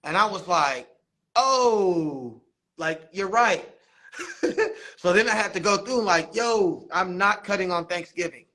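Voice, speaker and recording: A man, a barber and basketball coach, telling animated stories in a casual interview, acting out quotes. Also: sits high, slow pace. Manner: animated storytelling, laughs often, acts out quotes.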